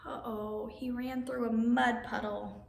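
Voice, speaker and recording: A woman's voice: a little high, flat delivery, slow, vocal fry. A woman hosting a children's story time, teaching simple signs and reading aloud in a cheerful, sing-song way. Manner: cheerful, sing-song, addresses kids as friends. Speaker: story time host teaching sign language. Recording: roomy echo, mic at a distance, faint background noise.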